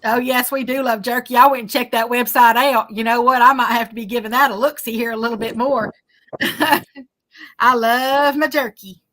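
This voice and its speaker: A woman, a bit hoarse, hosting a casual livestream and chatting along with many fillers as she thanks viewers. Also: on the high side, steady tone, fast, hardly any pauses, a bit bright. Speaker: livestream host.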